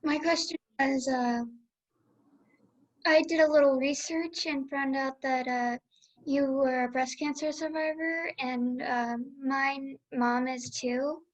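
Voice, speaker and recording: A young girl with a high voice asks an interview question. She speaks slowly and hesitantly, with pauses between phrases. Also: fairly even intonation, low-quality recording. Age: child. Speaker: student interviewer.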